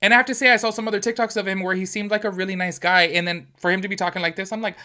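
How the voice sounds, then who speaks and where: A man's voice: sits high, racing, hardly any pauses. A man hosting a reaction video, talking in a casual, gossipy way with lots of "like" and "y'all". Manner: animated, chatty, full of "like" and "y'all".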